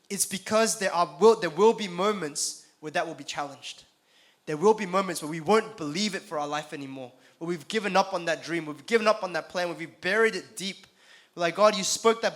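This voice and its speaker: A man preaching to a youth conference in a conversational, animated way, often checking in with the crowd. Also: high-pitched. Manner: conversational, frequent "right?" tags, animated. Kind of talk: sermon. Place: conference hall.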